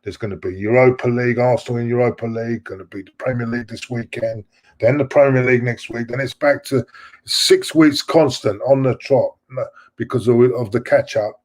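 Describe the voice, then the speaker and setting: A man's voice: medium pitch, fairly even intonation, brisk. A middle-aged man hosting a fan live stream, rambling and repeating himself as he chats to viewers. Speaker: fan channel host. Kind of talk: live-stream chat reading viewer messages.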